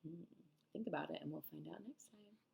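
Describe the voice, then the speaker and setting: A woman reading a children's book aloud, expressive and engaging. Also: sits low, brisk, vocal fry. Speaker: storybook reader.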